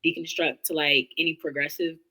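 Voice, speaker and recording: A woman's voice: low voice, fairly even intonation, fairly quick, pushed and bright, husky, low-quality recording. A young adult woman, an interview guest, talking candidly and thoughtfully in long, run-on reflections. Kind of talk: candid casual conversation.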